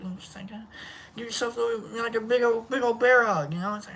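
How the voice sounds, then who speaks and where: Bright-voiced rambling streamer man. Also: very high-pitched, quick pace, a little hiss or hum. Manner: rambling, joking, swears casually. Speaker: livestream host. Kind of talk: casual livestream sign-off.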